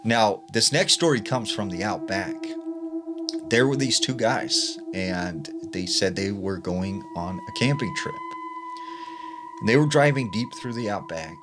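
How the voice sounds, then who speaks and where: A man casually narrating eerie stories, chatty and loose, with a lot of "like" and "you know". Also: fairly low pitch. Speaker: storyteller. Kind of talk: casual spooky story narration. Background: background music.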